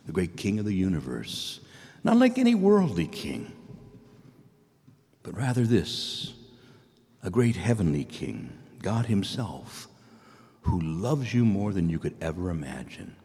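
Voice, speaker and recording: A low-voiced man preaching in a church, his voice carrying a long hall reverb. He pleads earnestly, swings widely in pitch, rises to bright exclamations and then sinks almost to a whisper. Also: wildly swooping pitch, measured pace, long pauses. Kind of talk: sermon.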